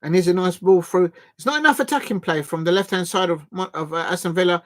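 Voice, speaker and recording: A man runs a live football watch-along stream. His talk is chatty and excitable, with quick play-by-play calls mixed with friendly asides to his viewers. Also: high voice.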